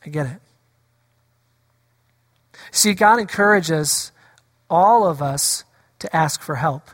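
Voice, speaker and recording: Speaking with a medium pitch and fairly bright tone, a preacher delivers a sermon that echoes through the church sanctuary. Rhetorical questions to the congregation mix with acted-out voices from scripture.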